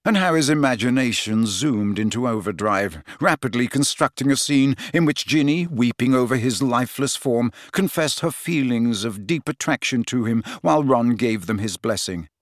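A man narrating an audiobook with steady, expressive storytelling. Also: medium pitch, moderate pace, hardly any pauses, no room sound, clean studio sound. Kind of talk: scripted narration.

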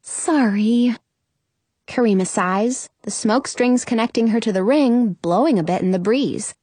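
A woman narrating a children's story in the first person, expressive and storytelling. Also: a little high, moderate pace, no echo. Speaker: audiobook narrator.

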